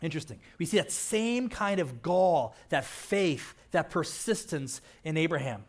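A man's voice: a little high, animated, a little slow, few pauses. A man pastor giving a conversational sermon, with casual asides and frequent "right?" checks to the listeners.

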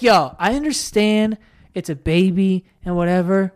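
A man's voice: sits high, measured pace, clear, resonant tone. A young man from New hosting a podcast, telling stories animatedly and swearing a lot. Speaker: podcast host. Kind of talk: casual chat.

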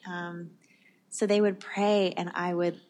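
A woman's voice: on the low side, little pitch movement, slow pace, darkish tone. A young woman speaking candidly and earnestly as a guest, telling her personal faith story.

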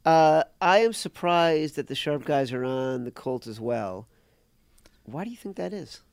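A man's voice: on the high side, lively intonation, unhurried, clean tone, no echo. A man co-hosting a sports betting podcast with a dry, teasing, sarcastic manner. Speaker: podcast co-host. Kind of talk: casual betting podcast chat.

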